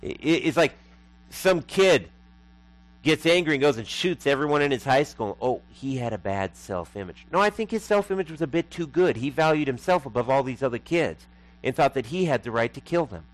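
A man's voice: on the high side, lively intonation, brisk, low-quality recording. Emphatic male pastor preaching. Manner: emphatic, repeats lines for effect. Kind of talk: sermon.

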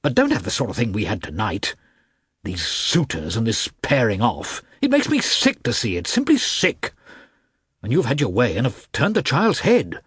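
A man reading an audiobook voices an irate elderly prince who shouts and rants at his wife. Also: mid-range voice, husky, dry recording, studio quality, voice pushed up. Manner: shouting, ranting, scornful. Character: irate elderly male prince, blustering father.

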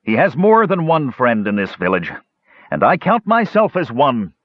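A man's voice: mid-range voice, huge pitch swings, extremely slow, no echo, voice pushed up, exaggerated voice. A man voicing an old male mage, dignified but ashamed, who speaks in grave, earnest declarations. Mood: thundering. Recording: dull, dry lo-fi audiobook recording.

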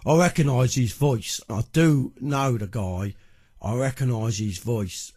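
A man's voice: mid-range voice, measured pace, breathy edge. A man hosting a music live stream, swearing constantly, first squaring up to a heckler and then musing aloud to his chat. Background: loud music.

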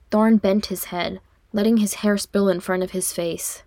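Woman narrating a story audiobook, expressive, mid pitch, dry close mic. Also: moderate pace, no room sound. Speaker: audiobook reader. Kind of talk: expressive fiction reading.

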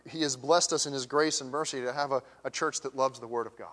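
A man preaching a sermon as pastor, swinging from emphatic raised questions to hushed near-whispers. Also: mid-range voice, steady tone, fast talker. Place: church sanctuary. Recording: long church hall reverb.

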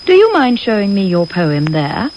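A woman's voice: mid-range voice, huge pitch swings, moderate pace, darkish tone, dull audio, a little hiss or hum. A woman voicing a stern middle-aged headmistress who talks coldly and scolds. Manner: cold and scolding.

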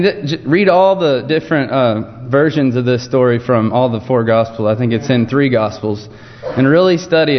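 A man preaching an informal evening sermon, telling a Bible story in a relaxed, conversational way. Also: mid-range voice, slight background noise. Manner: conversational, storytelling with frequent restarts. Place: church sanctuary. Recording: dull muffled sound with long church reverb.

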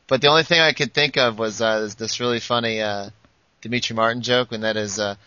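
A man's voice: fairly low pitch, fairly even intonation, fairly quick, pushed and bright, clean tone, no room sound, muffled recording. A man co-hosting a casual sports podcast, jokey and laughing often. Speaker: podcast co-host.

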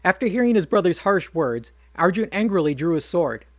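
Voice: mid-range voice, expressive, a little fast, dry recording. A narrator casually retelling an old epic, adding wry conversational asides.

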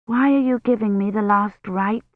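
A woman's voice: mid-range voice, moderate pace, dry recording, lightly acted. A reader voicing a feverish young woman historian with a sore throat, frightened and confused. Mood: weak, frightened. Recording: dry tinny phone-like audio.

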